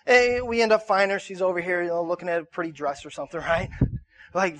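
A male pastor in his thirties preaching a conversational sermon to a room, repeating himself and rising to shouts in his stories. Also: high-pitched, steady tone, quick pace, no echo. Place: church auditorium.

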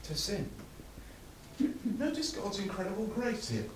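A man's voice: sits high, sing-song, measured pace, slight background noise. A man preaching a sermon, emphatic and building through repeated phrases, recorded from a distance in a church hall. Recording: echoey hall from far off.

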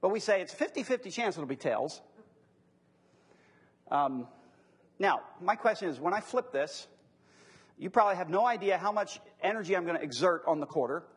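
A man whose voice is high and husky teaches apologetics to a live class. His animated talk is conversational, shifting to a slower pace whenever he repeats important phrases to stress them.

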